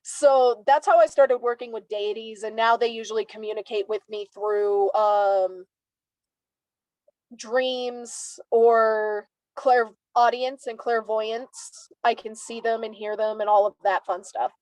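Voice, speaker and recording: A woman in her twenties tells her stories as an interview guest, chatty and lively, leaning on "like" as she goes. Her voice sits a bit high. The sound is dry and close, with no room around it. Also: slow pace, no echo, low-quality recording. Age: 20s. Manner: animated, chatty, many "like" fillers, laughs often. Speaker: guest, tarot reader. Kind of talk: casual interview storytelling.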